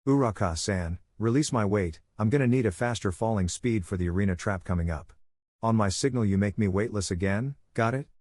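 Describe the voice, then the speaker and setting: A man's voice: on the low side, fairly quick, darkish tone, no room sound, studio quality, close to an everyday voice. A man voicing a determined teenage boy hero with spider powers, calling out commands in an audiobook. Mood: urgent. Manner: urgent commanding calls.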